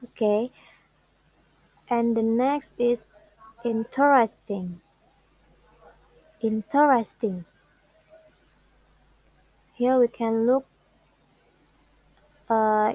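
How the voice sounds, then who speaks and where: Slow, careful young woman student. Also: a little high, fairly even intonation, darkish tone, no echo, low-quality recording. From Indonesia. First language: Indonesian. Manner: careful, halting non-native delivery, drawing out example words. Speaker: student presenting a learning log. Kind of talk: classroom presentation.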